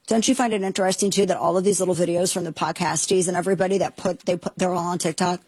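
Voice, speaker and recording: Woman, talk radio host, sarcastic, indignant, husky, dry studio sound. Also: lowish voice, steady tone, a little mellow, no echo. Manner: sarcastic, indignant, rapid-fire. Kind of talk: opinionated political talk radio.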